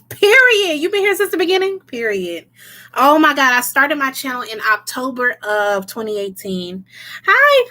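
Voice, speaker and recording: A woman's voice: medium pitch, bright, forceful tone. A woman doing a casual livestream as a tarot reader, chatting, laughing often and greeting viewers by name.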